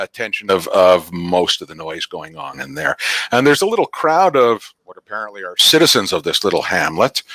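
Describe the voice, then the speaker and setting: A man's voice: lowish voice, bright, forceful tone, no echo. A man narrating a tabletop game as game master, rambling with fillers and restarts.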